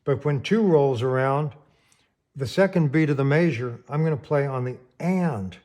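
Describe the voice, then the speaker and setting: Over a backdrop of piano playing, a piano teacher counts beats out loud and lays out rhythm simply. His voice is mid-range and somewhat dark, delivered at a moderate pace.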